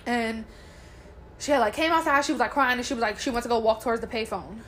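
Young woman, fairly high voice, blunt and profane, tells her own story in loose chat; faint hiss under the recording. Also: fast talker, a bit bright. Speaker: guest telling her story. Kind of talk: casual chat.

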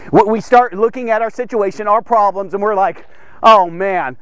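High-voiced man teaching from the Bible. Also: brisk, dry recording. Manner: keeps checking in with "okay?" and "here's the thing"; animated, acts out the people in the story. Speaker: devotional podcast teacher.

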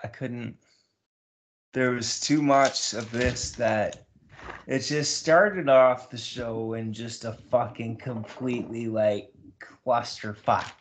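A man's voice: medium pitch, a little hiss or hum. A man co-hosting a podcast, bluntly rating a wrestling match. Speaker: podcast co-host. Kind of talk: casual wrestling review chat.

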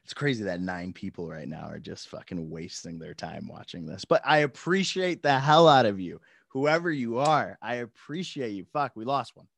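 A man's voice: lowish voice, expressive, moderate pace, creaky, few pauses, a bit bright, no echo. A young man hosting a casual live stream from his home studio, laid-back, laughing often and swearing freely. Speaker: podcast host.

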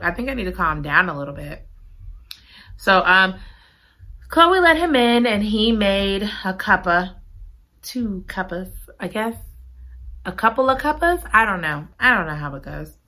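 A woman recapping a book in casual chat, gushing and giggly, repeating her excited exclamations. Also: mid-range voice. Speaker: book reviewer.

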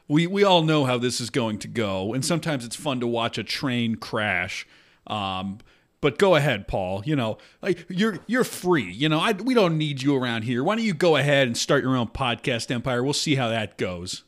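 A man's voice: medium pitch, expressive, normal speed, fairly bright tone. A man co-hosting a comedy podcast, ranting in a sarcastic, mock-indignant way. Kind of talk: improvised comedy podcast banter.

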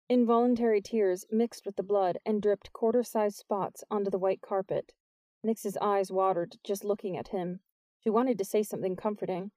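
A woman reading a novel aloud as an audiobook narrator, with steady scripted narration. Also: dry recording. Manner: lifts her pitch for the characters' lines.

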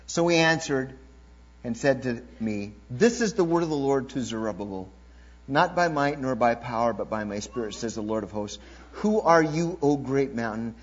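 Male preacher, sermon, fervent shouting, lo-fi with hum. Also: medium pitch, husky. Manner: builds from quiet scripture reading to loud shouted exclamations. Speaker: pastor. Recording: lo-fi recording with mains hum.

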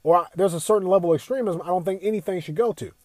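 High-voiced man ranting, heavy swearing. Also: racing, a little mellow, no echo. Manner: profane, exasperated ranting. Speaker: gaming commentator. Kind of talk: ranting commentary.

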